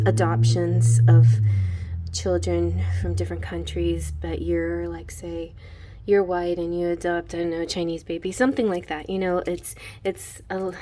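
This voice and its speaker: A woman's voice: fairly low pitch, mellow, slight background noise. Gushing, emotional woman reading tarot. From Houston, Texas. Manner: gushing and emotional, laughing often, with many fillers and restarts. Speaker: tarot reader. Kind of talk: casual pick-a-card tarot reading.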